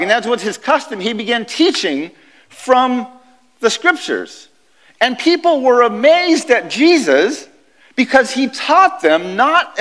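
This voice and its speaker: A guest speaker from the United States delivers a sermon in a university chapel, his high-pitched voice echoing through the room. He preaches in a conversational way, telling stories with a lot of animation.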